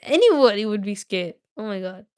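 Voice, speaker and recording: A woman's voice: medium pitch, sing-song, fairly quick, darkish tone, smooth. A woman reading a story aloud on a livestream, chatty and breaking off to talk to viewers. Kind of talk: casual read-aloud livestream.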